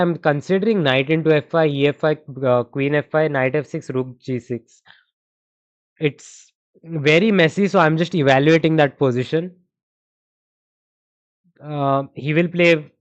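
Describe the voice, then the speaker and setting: A man's voice: on the high side, steady tone, a little slow, clean tone. A young man with an Indian accent, streaming chess and thinking aloud through variations while he answers chat in a casual way. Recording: dull, muffled stream audio.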